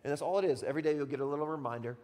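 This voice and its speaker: Pastor guy preaching, dramatic storyteller, goes hushed then loud, big echoey church hall. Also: on the high side, very fast. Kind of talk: sermon. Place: church sanctuary. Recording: long reverb of a large hall.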